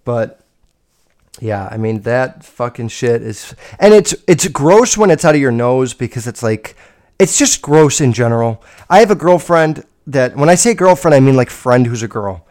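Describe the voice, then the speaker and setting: A young man hosting a casual solo podcast, telling stories in a blunt, rambling way full of swearing, with loud bursts and low mutters. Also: expressive, moderate pace. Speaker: podcast host.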